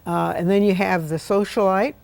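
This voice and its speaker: A woman's voice: mid-range voice, fairly even intonation, moderate pace, gravelly, darkish tone. A middle-aged woman hosting a casual book discussion, chatty and asking her guest questions. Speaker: host.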